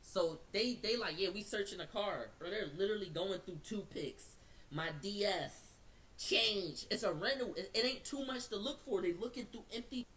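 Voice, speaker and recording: Speaking at normal speed in a high-pitched voice, a man recounts an incident using casual slang. He plays out the quotes of people who spoke to him and picks up speed as the story gets tense. The recording is distant with a little hiss or hum.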